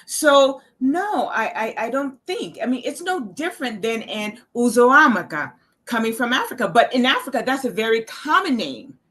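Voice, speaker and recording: A woman's voice: fairly high pitch, big pitch swings, normal speed, a bit bright. A woman speaking as a guest on a casual panel discussion, earnest, often repeating a word as she starts a thought.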